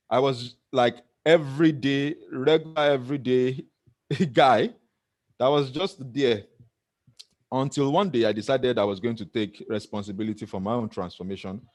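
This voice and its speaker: A man's voice: medium pitch, a little mellow, no echo. Earnest Nigerian man, motivational speaker. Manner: earnest, laughs often at himself. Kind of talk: motivational talk to camera.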